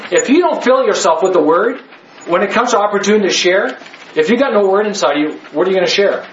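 A man's voice: sits high, lively intonation, fast talker, a little hiss or hum. A man teaching a Bible study class, emphatic and joking, full of rhetorical questions. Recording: echoey, slightly dull room.

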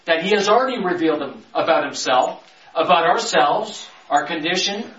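A man's voice: on the high side, lively intonation, a bit bright. Man preaching from a distant mic, roomy. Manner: stretches key words slowly, rushes through asides. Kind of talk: conversational Bible teaching. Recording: roomy, distant, dull sound.

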